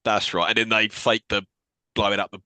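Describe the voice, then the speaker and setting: A man's voice: on the low side, steady tone, a little fast, sharp tone, dry recording. A man co-hosting a podcast, chatting casually about a film, laughing often and swearing. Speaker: podcast co-host. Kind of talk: casual film review chat.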